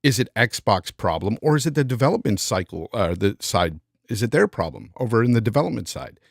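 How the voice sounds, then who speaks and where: A man's voice: lowish voice, very animated, a little fast, vocal fry, dry recording, studio quality. A man hosting a casual live-stream podcast, reading out super chats and thanking viewers by name. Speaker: podcast host.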